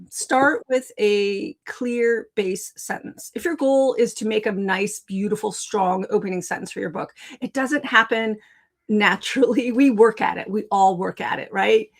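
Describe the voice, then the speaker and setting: A woman at a mid-range pitch, leading a live online writing lesson. She talks casually and keeps turning to viewers in the chat. The sound comes through a video call microphone. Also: poor audio. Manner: chatty, addresses viewers in the chat. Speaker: writing coach and live show host. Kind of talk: casual live-stream teaching.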